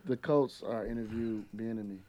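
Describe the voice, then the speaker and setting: A man in a casual group chat who speaks matter-of-factly and often drops to a low mutter. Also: fairly even intonation, moderate pace, a little mellow, dry recording.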